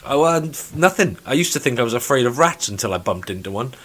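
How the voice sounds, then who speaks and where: A man's voice: mid-range voice, lively intonation, fast, fairly bright tone. A man in casual podcast chat, blunt and argumentative, swearing and exaggerating for fun. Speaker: podcast co-host.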